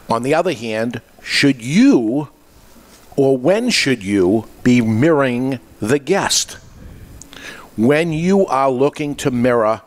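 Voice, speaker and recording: A man hosting a podcast, giving an instructional talk in an explanatory way with frequent restarts mid-phrase. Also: mid-range voice. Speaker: podcast host. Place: podcast studio.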